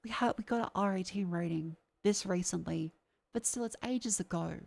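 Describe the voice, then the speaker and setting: A woman's voice: medium pitch, normal speed, creaky, a little mellow. A young adult woman, ranting to her stream chat in a heated, sarcastic way, swearing often and sounding congested from a sinus infection.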